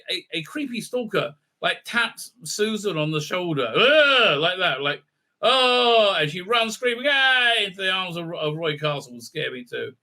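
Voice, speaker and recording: Guy riffing on an old movie, fairly high voice, super bright and forceful, lots of uh uh. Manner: irreverent, joking, swearing, many "uh, uh" fillers. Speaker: film reviewer, channel host. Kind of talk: casual film recap and review.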